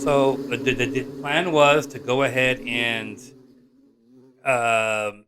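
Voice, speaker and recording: A man, a father and vlog host, telling a personal story in an animated, rambling way, often restarting and correcting himself. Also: mid-range voice, takes it slowly, very noisy. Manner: excitable, rambling, frequent restarts and self-corrections.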